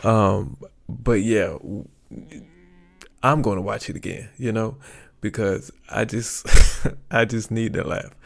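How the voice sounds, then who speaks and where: Slow, gravelly-voiced man chatting. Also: fairly low pitch, fairly even intonation. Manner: rambling, chatty, searches for words with many ums. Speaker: YouTube livestream host. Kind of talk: casual livestream chat.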